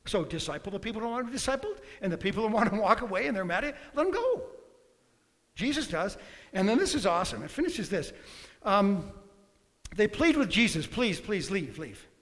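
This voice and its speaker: Guy preaching, pretty high voice, goes big then drops quiet, lots of hall echo. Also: sing-song, a little fast. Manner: emphatic, swings from loud bursts to quiet asides. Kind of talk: sermon. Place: church hall. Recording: long hall reverb.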